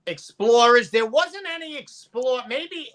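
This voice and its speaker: Guy, guest storyteller; punchy, bright tone, loud when he quotes people. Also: extremely high pitch, a little slow. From Brooklyn, New York. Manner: animated, profane, acts out quotes loudly. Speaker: podcast guest. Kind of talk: casual storytelling.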